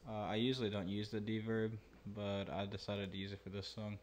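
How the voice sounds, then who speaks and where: A man's voice: fairly low pitch, little pitch movement, brisk, darkish tone, slight background noise. A man hosting a mixing tutorial, talking casually and thinking aloud with many fillers. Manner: laid-back, thinking aloud with many ums and uhs. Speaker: mixing engineer and channel host.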